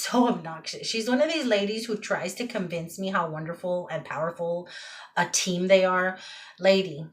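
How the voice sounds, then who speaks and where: A middle-aged woman talks straight to her camera in a personal vlog, exasperated and venting. She leans on repeated words to drive her points home. Her voice sits at an ordinary middle pitch. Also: a bit bright. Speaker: vlogger and mother. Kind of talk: emotional personal vlog rant.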